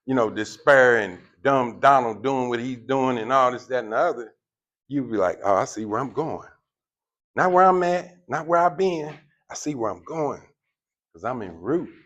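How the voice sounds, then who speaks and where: A man mentoring a live group indoors, speaking in a preachy, animated call-and-response style. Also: medium pitch, highs cut off. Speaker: mentor leading a group session. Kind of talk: motivational talk to a live group.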